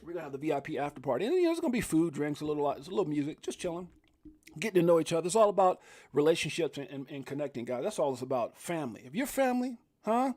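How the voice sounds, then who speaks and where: A man hosting a casual live crypto stream, hyped and rambling, shouting out viewers and reading prices with laughs. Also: on the high side, big pitch swings, very fast. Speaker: livestream host.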